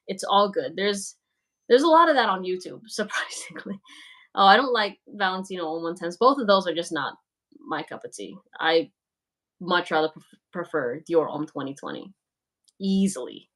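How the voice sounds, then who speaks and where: A young woman chats live with her viewers at a mid-range pitch. She talks candidly and loosely, jumping into little acted-out quotes before settling back into easy conversation. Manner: candid, talkative, quick asides and animated quoted voices. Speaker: fragrance channel host on a livestream. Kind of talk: casual livestream chat reading comments.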